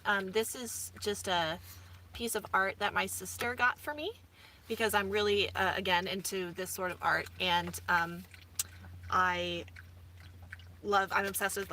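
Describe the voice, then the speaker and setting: A woman's voice: medium pitch, pushed and bright, slight background noise. A woman in her thirties, rambling casually with many fillers as a vlogger from inside her camper van. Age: 30s. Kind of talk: casual chat.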